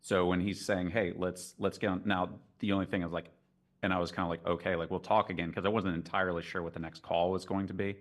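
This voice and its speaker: Deep-voiced man explaining slowly. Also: flat delivery. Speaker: sales competitor discussing a role play. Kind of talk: casual discussion.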